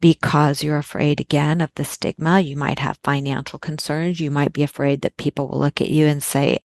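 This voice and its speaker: A woman's voice: low-pitched, little pitch movement, moderate pace, a little mellow, no echo. A woman speaking earnestly in a podcast conversation, stressing key words by repeating them.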